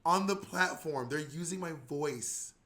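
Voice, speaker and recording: A man co-hosting a podcast in casual chat, animated and laughing, often acting out voices. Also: a little high, measured pace. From not from New York. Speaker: podcast co-host.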